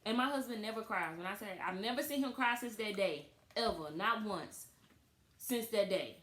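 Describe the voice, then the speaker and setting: Animated woman in a roomy echo. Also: medium pitch, moderate pace. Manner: animated storytelling, laughs often. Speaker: co-host of couple channel. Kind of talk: casual couple chat. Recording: echoey room with faint noise.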